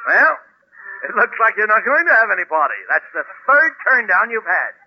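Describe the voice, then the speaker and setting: A man's voice: high-pitched, sing-song, moderate pace. A man playing an exasperated straight man in a 1940s radio comedy, scolding his partner's silliness. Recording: muffled old radio broadcast, faint hiss.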